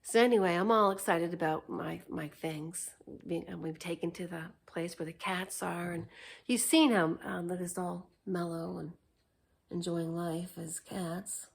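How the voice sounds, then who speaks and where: Woman vlogger, casual unscripted storytelling, unhurried and chatty, laughs often. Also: on the low side, fairly even intonation, gravelly, husky.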